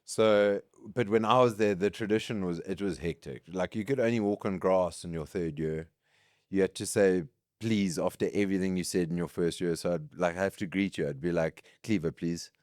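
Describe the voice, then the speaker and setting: South african guy late 30s, lowish voice, chatty school stories, laughs a lot, dry mic. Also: brisk, dry recording. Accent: South African English. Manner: laughs often, lively anecdotes. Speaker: podcast guest. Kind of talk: casual storytelling chat.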